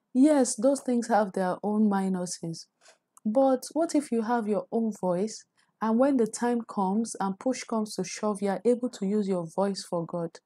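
Earnest Nigerian woman coach, mellow voice. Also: medium pitch, a little slow. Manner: earnest, preachy, repeats words and restarts. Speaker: career coach. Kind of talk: faith-based career teaching.

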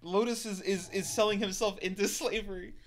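A man's voice: high-pitched, fairly even intonation, fairly bright tone. A man co-hosting a stream, making sarcastic, profane jabs at a book being read. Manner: sarcastic, swears, quick jabs. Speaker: co-host. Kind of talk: casual joking commentary.

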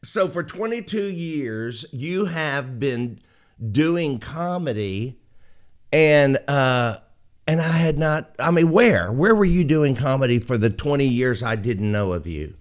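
Man, southern accent, medium pitch, playful host, casual interview. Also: expressive, takes it slowly. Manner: playful, laughs easily, asks follow-up questions.

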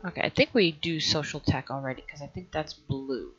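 A woman's voice: low voice, a little fast, a bit bright, soft background music. A woman hosting a let's play, thinking aloud in a hesitant way and often trailing off mid-sentence. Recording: dull lo-fi recording.

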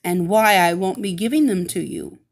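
A woman's voice: fairly low pitch, moderate pace, gravelly. A woman putting on a polite, puzzled young heroine.

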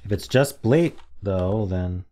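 A young man talks himself through daily word puzzles, muttering letter guesses under his breath. His voice sits a little low, and he slips into mock-dramatic groans at his own blunders. Keyboard typing clicks along behind him. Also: lively intonation, slow pace, mellow, a little hiss or hum. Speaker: word game streamer. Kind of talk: casual thinking aloud while playing.

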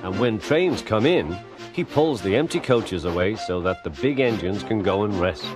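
A man narrating a children's story in a gentle, expressive way. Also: fairly low pitch, normal speed, over music.

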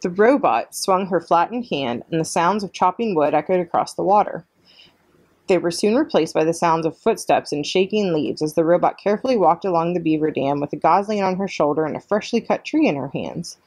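Librarian woman, storytime reading for young kids, lower register, clear and steady. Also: a little fast, dry recording. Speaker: children's librarian. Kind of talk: reading a chapter book aloud.

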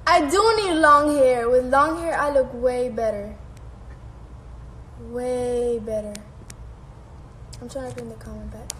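A young woman with a high voice chats slowly and casually on a phone live stream, answering fan comments with frequent laughs and casual swearing. The sound is roomy and echoey, with faint background noise. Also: steady tone, a bit bright. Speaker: livestreamer reading fan comments.

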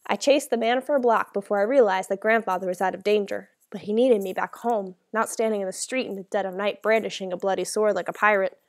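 A woman's voice: medium pitch, fairly even intonation, fast talker, hardly any pauses. A woman narrating a first-person novel as an audiobook, reading in a dramatic, emotional way.

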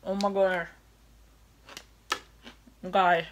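A young woman chatting in a gushing, excited way while unboxing snacks for her viewers. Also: medium pitch, very slow, a little hiss or hum. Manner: gushing and chatty, lots of oh my goodness. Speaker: vlogger unboxing a snack box. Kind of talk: casual chat.

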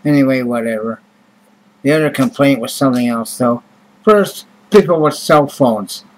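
A man's voice: medium pitch, normal speed, low-quality recording. Grumbling, foul-mouthed man. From Canada. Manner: grumbling, profane, blunt complaining. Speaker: vlogger. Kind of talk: casual ranting monologue to camera.

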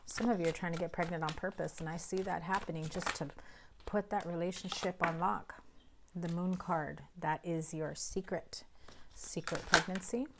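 A hoarse woman recovering from illness, giving a casual tarot reading. She talks in a chatty way, often drops to a breathy half-whisper, and keeps clearing her throat. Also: on the low side, fairly even intonation, moderate pace, heavy background noise. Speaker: tarot reader.

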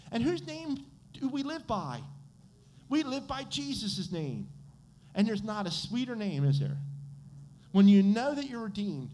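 Animated American pastor preaching. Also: male voice, sits high, a little hiss or hum. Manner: animated, asks the congregation questions and answers them. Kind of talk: sermon. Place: church sanctuary.

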